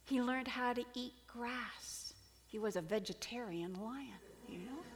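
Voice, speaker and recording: A woman preaching a sermon, telling a fable in an expressive storytelling manner with dramatic swings in volume. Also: fairly high pitch, unhurried, in a large hall.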